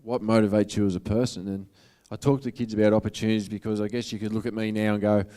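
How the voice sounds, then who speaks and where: A man's voice: fairly low pitch, little pitch movement, quick pace, warm tone, smooth. A man with an Australian accent giving a motivational talk to an audience, in a casual, earnest, conversational way. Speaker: motivational speaker.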